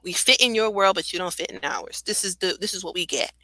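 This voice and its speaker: Impassioned woman with a bright, dry voice. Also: medium pitch, animated, fast, dry recording, low-quality recording. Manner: impassioned, conversational, with laughs and frequent fillers. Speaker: guest on a talk radio show. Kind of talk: casual radio commentary.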